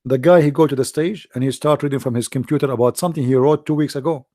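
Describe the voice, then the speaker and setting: A man, a bit hoarse, talking in a casual commentary monologue with lots of fillers and restarts. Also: medium pitch, quick pace, no room sound, clean studio sound. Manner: animated, repetitive, many fillers and restarts. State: losing his voice, hoarse. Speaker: debate show host.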